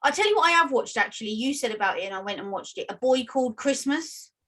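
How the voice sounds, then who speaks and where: A woman's voice: sits high, expressive, fast talker, a bit bright. A British woman co-hosting a podcast, chatting casually and laughing often. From United Kingdom. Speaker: podcast co-host. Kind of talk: casual chat.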